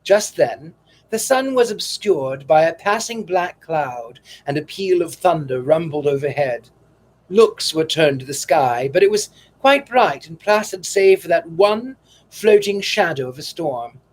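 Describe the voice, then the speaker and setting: A man narrating a classic novel with measured, dramatic storytelling. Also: a little high, lively intonation. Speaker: audiobook narrator.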